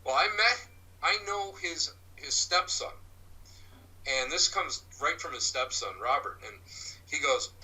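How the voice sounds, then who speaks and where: Male psychic-medium guest: sharp, bright voice, slightly off-mic, halting anecdotal delivery. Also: on the high side, lively intonation, recorded from a distance, rough recording. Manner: halting, repeats and restarts words. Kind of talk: rambling anecdotal storytelling.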